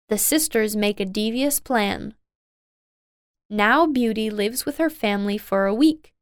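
Clear-voiced woman reading a storybook. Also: medium pitch, no echo, clean studio sound. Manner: slow, simple and even. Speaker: reader. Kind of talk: scripted storybook narration.

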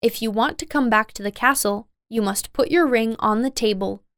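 A woman voicing a kind, sick male Beast in a storybook read-aloud, speaking softly and quietly. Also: fairly high pitch, normal speed, dry recording, clean studio sound. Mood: gentle. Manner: soft and quiet.

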